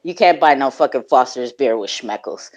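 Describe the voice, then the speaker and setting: A woman's voice: rumbling low, animated, normal speed, darkish tone, highs cut off. A woman hosting a live audio chat room, talking in a slangy, profane, joking, laid-back way. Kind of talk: casual chat.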